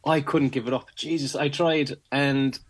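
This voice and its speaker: A man's voice: mid-range voice, steady tone, measured pace, husky. A man with a Kerry Irish accent, a former player chatting easily as a guest in a phone interview. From Ireland.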